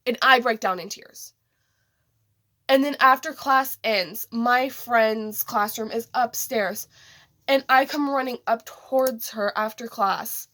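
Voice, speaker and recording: A woman's voice: on the high side, takes it slowly, pushed and bright. A woman vlogger telling a story in a casual, rambling way, saying "like" a lot. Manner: rambling, heavy use of "like".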